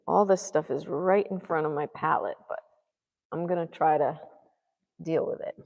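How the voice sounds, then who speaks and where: A woman's voice: deep voice, animated, moderate pace, gravelly, a little mellow, big-room sound. A woman artist vlogging as she paints, musing and muttering to herself and encouraging herself along. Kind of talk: thinking aloud while painting.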